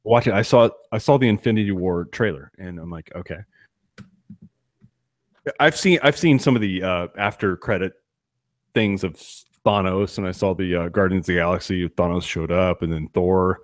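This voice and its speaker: Male podcast co-host, rambling and self-deprecating, low voice, dry mic. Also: a little fast, no room sound. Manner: rambling, self-deprecating, many restarts and fillers. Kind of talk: casual chat.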